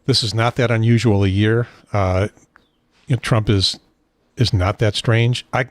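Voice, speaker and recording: Lowish-voiced man hosting a podcast. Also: fairly even intonation, unhurried, dry recording. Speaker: podcast host. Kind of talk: casual chat.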